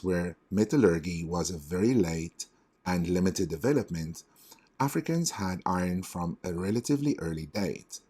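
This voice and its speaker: A man with a low, slightly rough voice tutors his way through reading test questions aloud, thinking out loud and correcting himself along the way.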